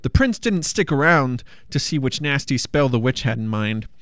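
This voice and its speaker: A storyteller reading a funny fairy-tale picture book aloud in a playful, expressive way. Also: medium pitch, normal speed, no room sound.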